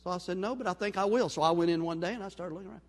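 A male pastor preaching a sermon, telling a story and acting out the dialogue, swinging between loud and quiet. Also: high-pitched, racing. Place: church sanctuary. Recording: long hall reverb.

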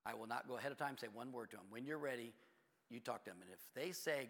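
A middle-aged man preaching a sermon as pastor, shifting between quiet confiding talk and loud, urgent preaching. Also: mid-range voice, quick pace, long reverb tail.

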